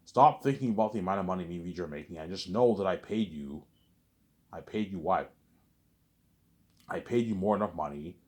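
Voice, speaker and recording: A man talks in a rambling vlog monologue, boastful and repetitive, with swearing mixed in. He speaks quickly in a low voice. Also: darkish tone. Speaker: vlogger.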